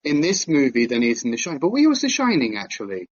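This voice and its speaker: A man on a film podcast, chatting casually and thinking out loud with fillers and restarts. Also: medium pitch, huge pitch swings, quick pace, breathy edge, dull audio. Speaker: podcast co-host.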